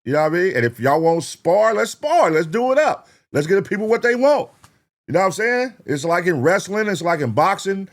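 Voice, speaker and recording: A man's voice: high-pitched, brisk. A man hosting a reaction video, talking casually in slang, repeating points and asking viewers what they think. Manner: animated, slangy, repeats himself, asks the viewers.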